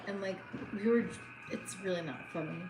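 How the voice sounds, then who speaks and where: A woman's voice: on the low side, a little fast, distant mic. A woman chatting casually and telling stories at a meal, with frequent laughter. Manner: chatty storytelling, laughs often. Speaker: cooking vlogger. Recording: echoey room with noisy background.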